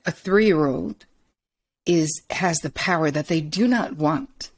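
Low husky woman hosting an interview. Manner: agreeing, reflective, quick asides. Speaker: podcast host and therapist. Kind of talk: conversational interview.

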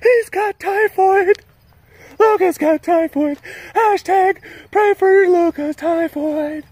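A man voicing a hysterical, worrying webcast viewer in a shrill, squealing falsetto. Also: slow, darkish tone, dry recording. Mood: panicky.

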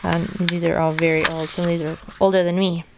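A woman's voice: fairly low pitch, flat delivery, brisk, very noisy. A young woman reading a children's storybook aloud at her mother's house, with casual, chatty asides between passages. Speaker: reader of children's books.

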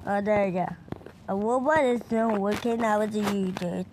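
A woman's voice: mid-range voice, steady tone, normal speed, background noise. A woman giving casual, rambling commentary while playing a video game, often confused by what happens on screen. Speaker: gamer.

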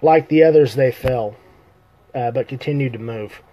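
A man reads his own fantasy novel aloud on a live stream, stumbling now and then and fixing his words as he goes. His voice is mellow and relaxed, at an ordinary middle pitch. The pace is steady and unforced. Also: normal speed, poor audio. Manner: self-correcting, casual slips. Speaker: author reading his novel. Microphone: computer or phone mic on a live stream.

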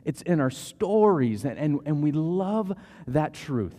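A man's voice: fairly high pitch, big pitch swings, slow, warm tone. A man in his thirties preaching a sermon as pastor, telling stories casually with frequent restarts. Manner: conversational storytelling with repeated restarts. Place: church sanctuary. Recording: long church hall reverb.

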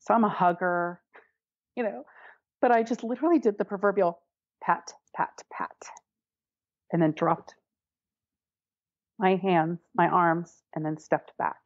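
Wry, candid woman with a lower voice. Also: unhurried, long pauses, no echo, highs cut off. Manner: candid, wry, laughs often while telling the story. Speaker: interview guest. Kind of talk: personal storytelling interview.

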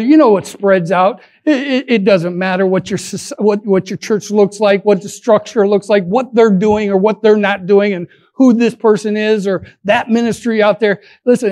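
A man's voice: sits high, a little mellow. A middle-aged man preaching a sermon as pastor, earnest and conversational, often restarting his words.

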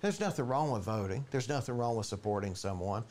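A man preaching a conversational sermon in a church, animated and chatty, acting out quoted voices. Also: a little fast. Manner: animated, storytelling, jumps to higher pitch for quoted voices. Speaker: pastor.

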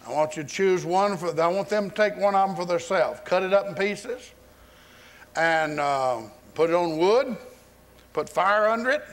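A man preaches a sermon, spinning a story with folksy humor. His speaking voice sits a little above a typical man's pitch. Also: moderate pace.

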